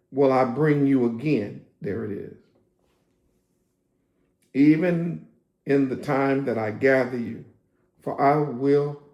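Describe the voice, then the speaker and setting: A man preaching a sermon to online viewers, his voice going hoarse, building to emphatic, shouted preaching. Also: medium pitch, reverberant. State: voice getting hoarse.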